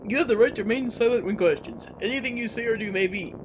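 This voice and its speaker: A player voicing a goofy, eager male police sidekick with deadpan jokes, reading game dialogue aloud. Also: medium pitch, fast, noisy background, lightly acted.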